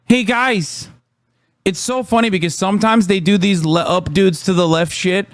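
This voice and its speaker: A man's voice: high voice, a little fast, no echo. A man live-streaming, ranting about chat trolls in heated, profane, sarcastic commentary.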